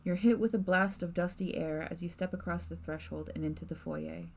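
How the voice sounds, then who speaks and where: A woman streamer reading a spooky game's narration aloud in a measured, softly dramatic way. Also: lowish voice, fairly even intonation.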